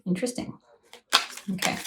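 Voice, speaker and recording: A woman's voice: normal speed, heavy background noise. A woman in her thirties giving a chatty, rambling tarot reading to her phone camera at home late at night, often apologizing and laughing. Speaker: tarot reader.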